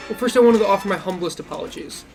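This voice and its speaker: A woman's voice: medium pitch, rapid-fire, darkish tone, faint music behind, lightly acted, poor audio. A woman playing a formal, courteous young man. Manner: formal, apologetic. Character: courteous young male hero, polite.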